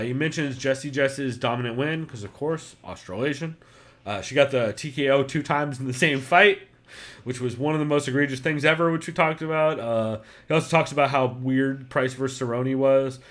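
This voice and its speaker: A man's voice: medium pitch, brisk, fairly bright tone. A man hosting a casual podcast, talking loosely with lots of fillers and swearing. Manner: loose and profane, many fillers. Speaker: podcast host.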